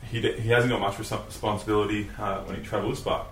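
A man telling a travel story in a relaxed casual chat, laughing and swearing. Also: fairly low pitch, quick pace. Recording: roomy echo, distant mic, faint ambient noise.

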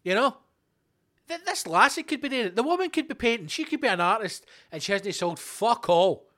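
A Scottish man rants through his own podcast with a high, lively voice. He swears freely and slips into quick acted-out exchanges between imagined people. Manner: sweary, animated, acts out little dialogues. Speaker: podcast host. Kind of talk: solo comedic rant.

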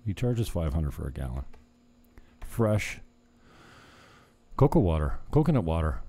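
A vlogger chats casually to camera in a meandering way, often breaking off mid-thought and chuckling at his own asides. His voice is lowish and dark, with big pitch swings, at a moderate pace.

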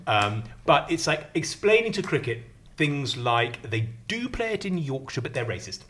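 A middle-aged man co-hosting a chatty podcast, telling stories in an animated, mock-exasperated way and swearing freely. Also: mid-range voice, normal speed, a little hiss or hum. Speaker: podcast co-host and columnist. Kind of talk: casual banter.

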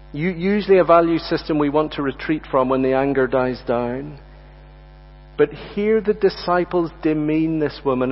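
A man delivers an earnest sermon from a lectern, repeating words as he drives his points home. His voice sits a little high for a man. The recording is dull and lo-fi, with a long reverb from the hall. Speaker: preacher. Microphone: lectern mic.

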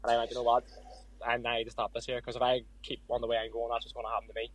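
A man's voice: mid-range voice, completely flat delivery, racing, low-quality recording. A young man with an Irish accent, a boxer as guest, candidly telling stories in a casual podcast interview. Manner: candid, storytelling with quoted asides.

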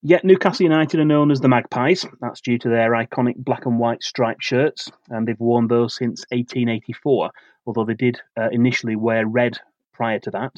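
A man co-hosts a football podcast and reads a prepared preview in a steady, measured way. His voice is mid-pitched for a man. The recording is dry and a little dull, with a slightly lo-fi sound. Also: no room sound. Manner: steady, measured delivery of facts and dates. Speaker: podcast co-host presenting match previews. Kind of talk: reading a prepared match preview.

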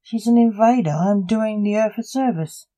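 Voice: mid-range voice, normal speed, dark tone, voice pushed up, lightly acted. A reader voicing a hateful male conspiracy nut. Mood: snarling.

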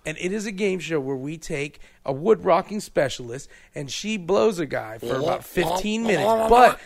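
A man's voice: on the high side, expressive, normal speed, vocal fry. A man in his forties, a podcast host, telling rambling, profane stories and acting out the voices in them. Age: 40s. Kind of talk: crude comedic storytelling.

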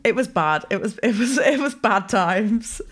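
Expressive young woman chatting. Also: mid-range voice, a little slow. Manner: expressive, dramatic retelling with repeated phrases. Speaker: podcast co-host. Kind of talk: casual chat.

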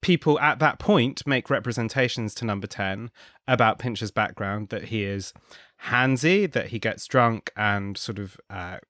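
A man's voice: lowish voice, normal speed, bright, forceful tone, no room sound, studio quality. A man as a podcast guest, giving wry political analysis in a thoughtful way, with frequent ums and restarts. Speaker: guest, contributing editor.

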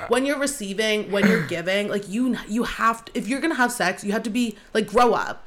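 A woman's voice: medium pitch, a little fast, a bit bright. Young woman coach on a podcast, swears a lot, super blunt and frank. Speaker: confidence and sex coach, podcast guest. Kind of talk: casual podcast chat.

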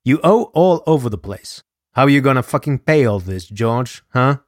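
A man voicing a loud, angry male mob boss who swears and threatens, in a dry close recording. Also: mid-range voice, animated, normal speed, dry recording, natural voice. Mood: furious. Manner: yelling, profane, threatening.

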